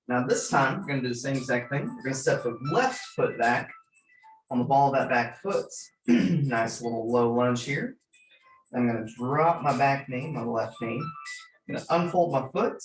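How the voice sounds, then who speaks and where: Calm man in his thirties leading yoga. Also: mid-range voice. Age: 30s. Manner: calm, gentle cueing with light self-deprecating asides. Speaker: yoga instructor. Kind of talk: guided yoga class. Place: church room. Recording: roomy, from far off the mic.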